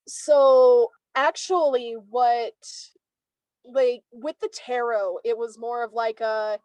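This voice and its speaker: A woman in her twenties, a tarot reader, telling stories as an interview guest in a chatty, animated way with many "like" fillers. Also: on the high side, takes it slowly, no echo, poor audio. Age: 20s. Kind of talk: casual interview storytelling.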